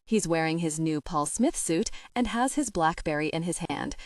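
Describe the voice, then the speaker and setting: Woman narrator, comic audiobook, lively pitch, dry close mic, chatty delivery. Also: moderate pace, no echo. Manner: expressive, chatty storytelling. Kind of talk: comedic first-person audiobook narration.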